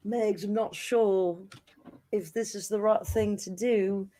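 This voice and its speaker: A woman's voice: medium pitch, steady tone, slow, mellow, close to an everyday voice. A woman doing a fretful rich husband. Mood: worried. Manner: hesitant, stammering worry.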